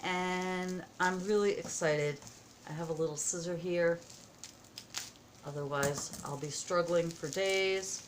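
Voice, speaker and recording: A woman vlogging at home as she opens happy mail, excited, gasping and halting with many fillers. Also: fairly low pitch, a little hiss or hum. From United States. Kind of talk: casual vlog chat. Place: home, indoors.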